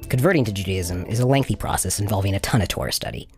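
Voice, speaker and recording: A man narrating a scripted radio story in a husky voice, with a dramatic delivery. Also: on the low side, animated, fast talker, faint music behind. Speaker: podcast host narrator.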